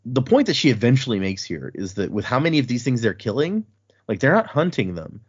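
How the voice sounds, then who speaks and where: A man's voice: medium pitch, big pitch swings, fairly quick, breathy edge, highs cut off. A man co-hosting a podcast, casually and animatedly retelling book chapters with chuckles and loose fillers. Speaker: podcast co-host.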